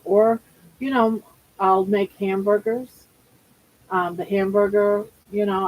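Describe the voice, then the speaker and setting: A woman's voice: medium pitch, darkish tone, slight background noise, poor audio. An older woman at home hosting a casual live chat, talking in a chatty, rambling way and often restarting her sentences. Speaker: livestream host.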